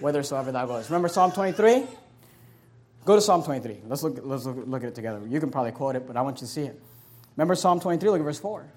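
A man, a pastor, preaching a sermon, swinging between loud, emphatic scripture reading and quiet, low asides, answering his own rhetorical questions. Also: expressive, very fast.

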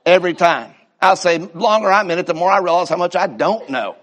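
A man's voice: high voice, fairly bright tone. A man preaching a sermon with fervor, drawing out his repetitions and stumbling into restarts. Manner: fervent preaching, slow drawn-out repetitions, stammering restarts.

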